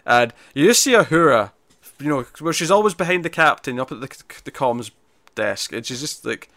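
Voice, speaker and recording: A man co-hosting a podcast, chatting casually about a TV episode in an animated, rambling way and breaking into quick impressions. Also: mid-range voice, dry recording. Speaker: podcast co-host. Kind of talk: casual chat reviewing a TV episode.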